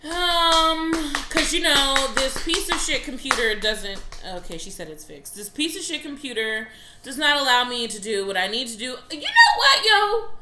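A young woman co-hosting a casual podcast, loud and laughing, swearing freely. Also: sits high, moderate pace, roomy sound, noisy background. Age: young adult. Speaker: podcast co-host. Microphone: laptop setup in a room.

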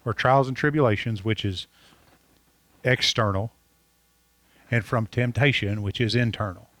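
A man preaching a sermon to his congregation, earnest and repetitive, slowing down to stress key lines. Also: mid-range voice, no echo. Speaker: pastor.

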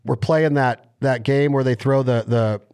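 A man in casual chat, telling stories in an animated, excitable way. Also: medium pitch, unhurried, clean tone.

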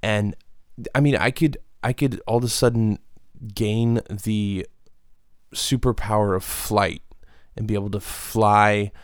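Slow, gravelly deadpan man. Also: fairly low pitch, dry recording, studio quality. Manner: deadpan, rambling, profane. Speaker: podcast host. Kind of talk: solo comedic podcast rant.

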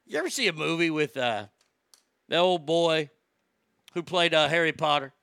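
At a moderate pace, a stand-up comedian rambles profanely, his gravelly voice forceful and slightly high for a man. The recording is dry and close, without room sound.

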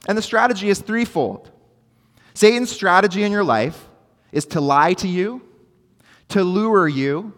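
A man's voice: fairly high pitch, fairly bright tone, in a large hall. A man preaching a sermon as pastor, earnest and emphatic, repeating key phrases for weight.

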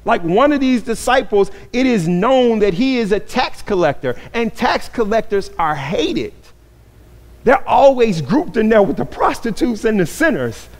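A man's voice: high-pitched, sing-song, measured pace. A man preaching a sermon as pastor, earnest and repeating phrases for emphasis. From grew up in an inner-city neighborhood.

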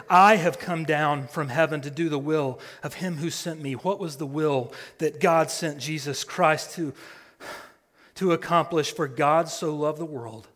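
A male pastor preaching a sermon, swinging from hushed near-whispers to loud proclamation. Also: on the high side, long reverb tail.

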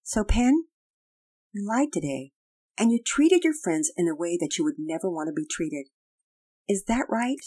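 A woman voicing a patient mother who speaks gently to her daughter. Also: on the low side, sing-song, moderate pace, long pauses, husky. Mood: gentle.

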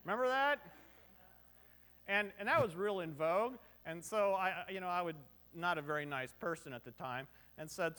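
A man's voice: sits high, normal speed, sharp tone. A middle-aged man preaching a sermon in a conversational, joking way, full of rhetorical questions and short on sleep. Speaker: pastor.

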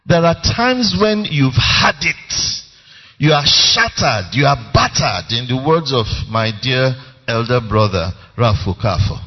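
Man, pastor; unhurried, highly animated sermon delivery in a reverberant, lo-fi hall. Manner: emphatic, calls for congregation response. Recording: reverberant lo-fi church recording.

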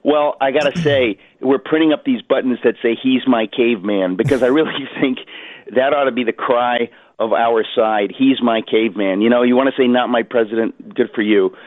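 A man being interviewed as an author, telling a story with animated voices over a phone line. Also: medium pitch, normal speed, no echo. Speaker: author guest. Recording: tinny dry phone line.

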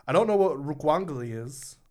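A woman's voice: sits low, expressive, fairly quick, mellow. A woman from Ireland co-hosting a podcast in casual chat, reading out foreign words and sometimes stumbling over how they are said. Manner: playful, laughs mid-sentence. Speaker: podcast co-host.

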